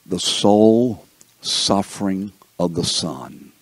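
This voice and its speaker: A man's voice: low-pitched, expressive, very slow, slightly rough, no room sound. A man teaching a Bible study class, thinking aloud and often checking that the class is following. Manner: thinks aloud, with restarts and asides.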